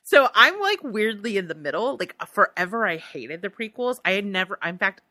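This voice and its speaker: Lively bright-voiced woman podcast host. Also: medium pitch, normal speed, no room sound, clean studio sound. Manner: animated, laughs often, reads listener answers aloud. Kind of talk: casual podcast chat.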